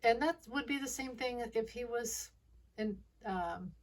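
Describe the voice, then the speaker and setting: A woman's voice: a little high, measured pace, recorded from a distance. A woman giving casual intuitive commentary in a rambling way, often restarting her sentences and laughing. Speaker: intuitive reader.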